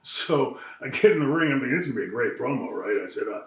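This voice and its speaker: Gravelly man telling rowdy stories. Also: medium pitch, fast, reverberant, low-quality recording. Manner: animated, profane anecdotes with quoted voices and laughter. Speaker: wrestler telling road stories. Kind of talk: shoot interview storytelling.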